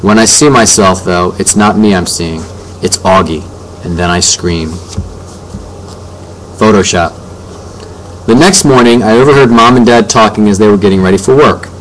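A man narrating a first-person story as an audiobook reader, in plain, steady tones. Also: fairly low pitch, moderate pace, pauses often, slight background noise, rough recording.

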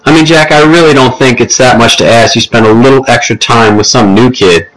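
A man voicing a patient mother who gently coaxes her son in an audiobook. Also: mid-range voice, fairly quick, close to an everyday voice, low-quality recording. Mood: coaxing.

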